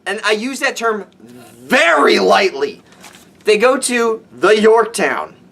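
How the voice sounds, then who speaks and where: A man giving a ranting film review for his vlog, animated and exasperated, swearing freely. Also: high-pitched, takes it slowly, vocal fry. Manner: animated, exasperated, profane, with frequent restarts.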